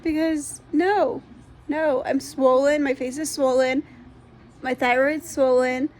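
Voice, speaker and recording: A congested woman talks into her phone at home, rambling through a dog-rescue update with plenty of ums and false starts. Her voice sits on the higher side, and faint noise hums underneath. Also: level tone, unhurried, a little mellow. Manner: rambling, many ums and restarts. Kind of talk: casual spoken update to followers.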